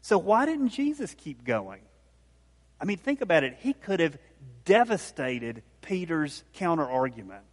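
A man giving a conversational sermon, retelling scenes with lively, animated voices and frequent restarts. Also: fairly high pitch, unhurried, big-room sound. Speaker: pastor.

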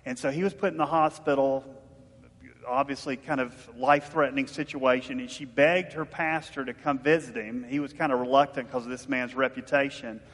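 A man's voice: mid-range voice, fairly even intonation, a little fast, in a large hall. A man preaching a sermon in a conversational, storytelling way, asking his listeners questions. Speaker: pastor.

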